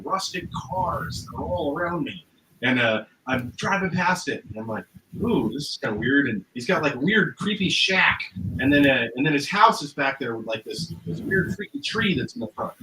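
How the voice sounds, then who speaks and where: A man, a musician guest, telling a story casually in a rambling way, with many fillers and acted-out quotes. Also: fairly high pitch. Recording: roomy, noisy recording.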